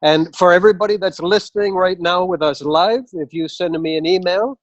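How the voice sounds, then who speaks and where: A man's voice: high voice, brisk, dry recording, lo-fi sound. Earnest male life coach, dry sound. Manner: earnest and persuasive, with fillers. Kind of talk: casual live interview.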